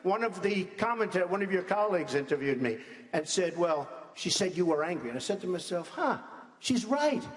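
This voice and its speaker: A man's voice: sits high, fairly quick. A man speaking as a candidate in a political debate, blunt and conversational, repeating his points plainly. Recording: live in large hall with audience.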